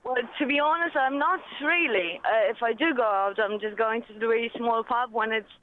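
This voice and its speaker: A woman in her twenties from Poland with a Polish accent, a radio phone-in caller who speaks in a hesitant, halting, giggly way. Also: fairly high pitch. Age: 20s. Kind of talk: phone-in chat. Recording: tinny phone line with faint hiss.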